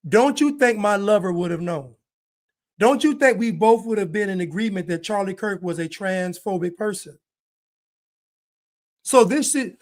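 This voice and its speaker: A man giving video commentary, hammering points with repeated rhetorical questions. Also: high-pitched. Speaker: online commentator.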